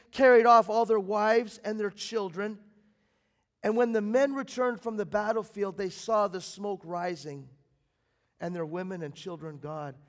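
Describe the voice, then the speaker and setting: A man preaching a sermon as pastor, swinging between loud emphatic bursts and quiet, low passages. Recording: long hall reverb.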